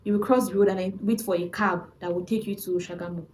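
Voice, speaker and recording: A man's voice: high voice, fairly even intonation, fast, darkish tone, slight background noise, natural voice. A woman voicing a brusque male bus driver who speaks in a Nigerian accent, impatient and dismissive.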